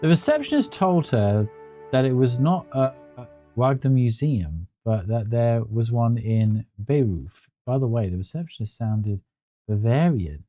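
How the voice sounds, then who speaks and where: A male streamer chats loosely over his gameplay and rambles off on tangents. His voice is mellow and dark, and his pitch moves lively up and down. Faint game music plays behind him. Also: measured pace, no room sound. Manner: chatty, rambling, laughs at himself. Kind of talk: casual gameplay commentary.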